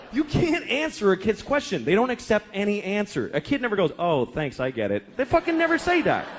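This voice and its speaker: A man's voice: very high voice, a little hiss or hum. A man doing a stand-up routine, telling stories in a profane, exasperated way. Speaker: stand-up comedian.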